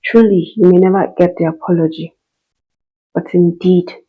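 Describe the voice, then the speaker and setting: A woman's voice: on the low side, steady tone, normal speed, husky, lo-fi sound. A woman hosting and speaking with earnest emotion, repeating phrases for emphasis. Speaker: host reading and responding to a listener's story. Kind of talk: heartfelt spoken reflection.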